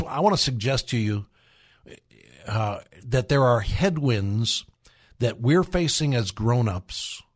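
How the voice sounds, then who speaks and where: A middle-aged man hosting a radio talk, earnestly urging parents, repeating himself and breaking into acted quotes. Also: mid-range voice. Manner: earnest, exhorting, acts out quoted voices. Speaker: radio host.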